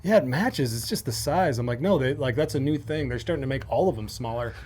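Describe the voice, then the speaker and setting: Animated storytelling man from Minnesota. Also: medium pitch, a little fast, a little hiss or hum. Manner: animated, swearing, acts out quotes in raised voice. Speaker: podcast host. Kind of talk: casual storytelling chat.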